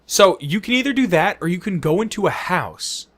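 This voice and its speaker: A man's voice: high-pitched, moderate pace. A man co-hosting a podcast who chats casually, retelling things with lots of swearing and acted-out reactions. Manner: animated, profane storytelling that acts out quoted reactions. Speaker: podcast co-host. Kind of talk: casual chat.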